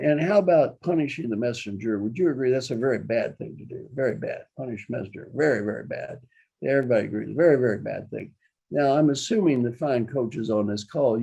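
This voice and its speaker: A man's voice: mid-range voice, gravelly, dark tone, husky. A man, a leadership coach, running an interactive online workshop over a video call, who talks with energy, repeats his key phrases and quizzes his listeners.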